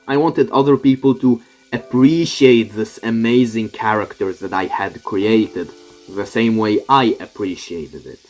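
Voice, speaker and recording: A young man giving an earnest, reflective personal monologue to camera, often trailing off quietly. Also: fairly low pitch, unhurried, faint music behind. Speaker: vlogger.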